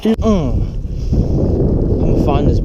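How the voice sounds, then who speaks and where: A young man riding a bike outdoors with friends, talking casually and yelling out excitedly. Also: a little high, very slow. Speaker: friend playing bike tag. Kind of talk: casual chat. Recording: dull lo-fi audio with very loud outdoor noise.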